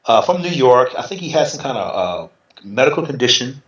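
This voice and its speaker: Brief: man, middle-aged, relaxed storyteller who voices other people's lines, roomy slightly dull recording. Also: mid-range voice, brisk. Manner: animated, acts out quotes in other voices. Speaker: interview guest, retired bodybuilder. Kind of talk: casual storytelling.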